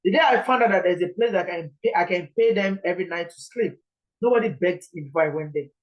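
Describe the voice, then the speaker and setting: A woman's voice: lowish voice, fast talker, dull audio. A Nigerian woman preaching an informal sermon in an earnest, pleading way, repeating her points.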